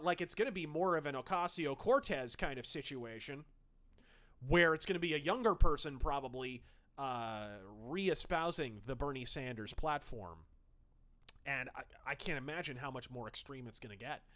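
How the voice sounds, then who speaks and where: A man's voice: on the high side, pushed and bright. A man hosting a livestream, reading chat messages aloud and commenting in a snarky, profane, sarcastic way.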